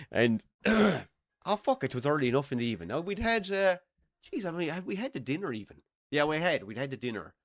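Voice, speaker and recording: A man's voice: a little high, very animated, a little fast, dry recording, clean studio sound. An Irish man co-hosting a live golf watchalong from a bar, telling a story in casual, swearing, laughing style. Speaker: watchalong co-host.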